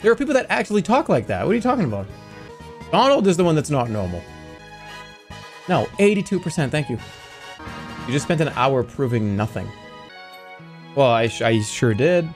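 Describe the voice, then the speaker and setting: Man, streamer, lively pitch, mock-argumentative chat, faint background music. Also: moderate pace, pauses often. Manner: argumentative, animated banter with chat. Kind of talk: casual live-stream chat.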